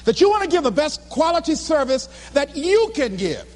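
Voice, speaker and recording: Fervent man preaching high and lively in a reverberant hall. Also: normal speed. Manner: fervent, preacher-like cadence, often shouting. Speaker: motivational speaker. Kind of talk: live motivational speech.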